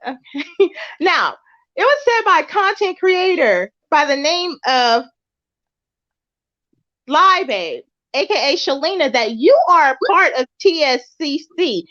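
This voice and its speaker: A woman plays a prim, patient interviewer with a Memphis Southern accent, her voice high and lively. She keeps her questions polite and apologetic. The recording is dull and lo-fi. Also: slow pace, no echo, exaggerated voice.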